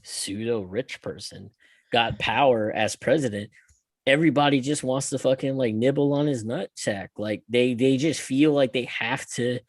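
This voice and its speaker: A man hosting a podcast, ranting in casual, profane chat that swings between loud bursts and quiet asides. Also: medium pitch, moderate pace, no room sound. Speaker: podcast host.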